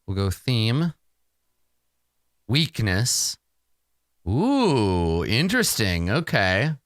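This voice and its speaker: A man's voice: lowish voice, sing-song, very slow, no echo, studio quality. A man thinking aloud as he plays a solo tabletop roleplaying game, rambling and swearing freely as the dice go against him.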